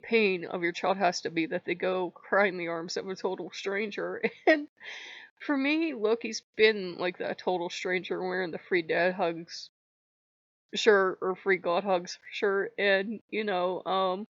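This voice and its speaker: A woman vlogger speaks openly and emotionally to the camera, her voice stuffed up from a recent cry and full of gravelly fry. The sound is dull and lo-fi, and the room is dry. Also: lowish voice, unhurried, dry recording. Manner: candid, emotional, laughing through tears. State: stuffed-up nose after crying. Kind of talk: personal vlog talk.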